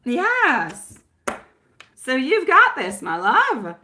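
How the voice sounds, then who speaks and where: A woman's voice: high voice, wildly swooping pitch, very slow, sharp tone, slight background noise. A woman reading tarot on a live stream in casual chat, affectionate and laughing often, calling viewers my love and sweetie pie.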